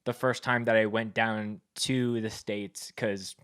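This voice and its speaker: A man's voice: lowish voice, flat delivery, slow pace, fairly bright tone, smooth. A man from Canada chatting casually as a podcast host. He rambles through his stories, packing them with fillers and little laughs. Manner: rambling, filler-heavy storytelling with frequent laughs. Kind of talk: casual chat.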